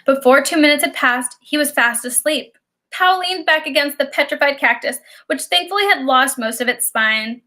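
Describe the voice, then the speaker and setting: Bright, high-voiced woman narrating an audiobook.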